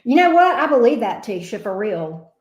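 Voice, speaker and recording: A woman who reads tarot hosts a casual livestream, greeting viewers by name and cooing affectionately over her dog. Her voice is fairly high, sing-song, and a little mellow at normal speed, and the recording has a roomy echo.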